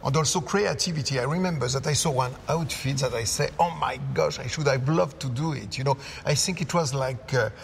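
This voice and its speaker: A man's voice: medium pitch, brisk, gravelly, few pauses, long reverb tail, slight background noise. A man talking in an interview, searching for words and enthusiastic. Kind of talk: casual interview talk.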